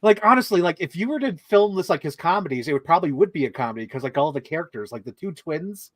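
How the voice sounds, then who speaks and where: A young man with a fairly high voice chats eagerly about a film, stringing thoughts together in long lists peppered with "like". The sound is close and dry, with no room echo. His delivery is casual and conversational. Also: lively intonation, fast talker, fairly bright tone. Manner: enthusiastic, talks in long run-on lists with many "like"s. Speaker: co-host. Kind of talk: casual movie discussion.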